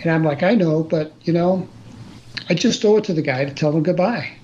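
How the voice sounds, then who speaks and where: A man's voice: fairly high pitch, fairly quick, a little mellow. An older man telling a personal story in conversation, plain and earnest, often restarting and using fillers. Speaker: guest storyteller. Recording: slightly dull audio with faint noise.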